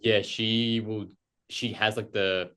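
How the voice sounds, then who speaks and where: Laid-back Australian man, lowish voice. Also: slow pace, clear, resonant tone. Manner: relaxed, chatty, lots of "like" fillers. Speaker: podcast host. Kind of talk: casual interview chat.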